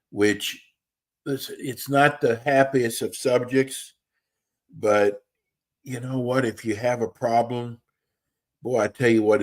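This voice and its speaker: A man hosting a live radio talk show, chatty and folksy, sometimes losing his train of thought. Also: fairly low pitch. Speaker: host. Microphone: remote call with a bad connection.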